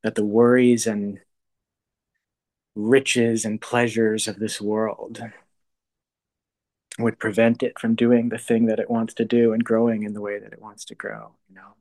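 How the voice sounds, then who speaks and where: A man's voice: on the low side, little pitch movement. A man giving a casual, thoughtful talk on faith, searching for words and often dropping to a near whisper. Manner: thoughtful, halting, often trails to a soft hush. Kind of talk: casual spoken reflection on faith.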